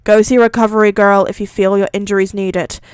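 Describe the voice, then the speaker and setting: A woman voicing a weary male teacher in a flat, deadpan tone while reading a story aloud. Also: mid-range voice, brisk, clear, resonant tone, no echo, studio quality, lightly acted. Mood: curt.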